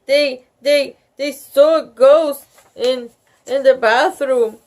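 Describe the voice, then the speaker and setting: A woman's voice: high-pitched, fairly even intonation, takes it slowly, a little mellow, voice pushed up. A woman doing a tearful stammering little schoolgirl. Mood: panicked. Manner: wailing, stammering.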